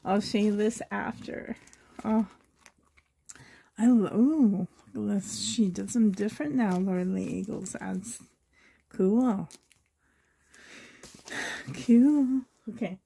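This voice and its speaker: A woman's voice: mid-range voice, slow, gravelly, pauses often, dark tone, slightly rough. A woman from Canada chatting through a doll unboxing in a gushing, effusive way, laughing often, with a slight cough and tears. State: coughing, teary. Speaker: reborn doll collector vlogger. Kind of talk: unboxing vlog chat.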